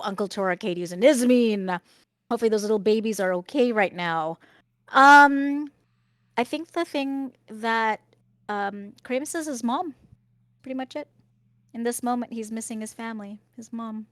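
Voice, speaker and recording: A woman's voice: a little high, moderate pace, dry recording, clean studio sound. A woman player introducing her character in a bubbly, playful way, chewing while she talks. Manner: bubbly, playful sound effects. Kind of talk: casual chat.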